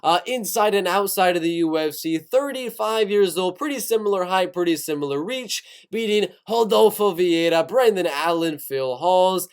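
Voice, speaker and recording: A man hosting a casual fight-sports news video, excitable, often asking his viewers questions directly. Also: high voice, clear, resonant tone. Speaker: MMA news YouTuber.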